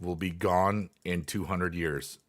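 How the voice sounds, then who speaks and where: A man's voice: sits low, steady tone, slow pace. A man in casual livestream chat, rambling with lots of fillers and reading chat messages aloud. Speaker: livestreamer, former teacher.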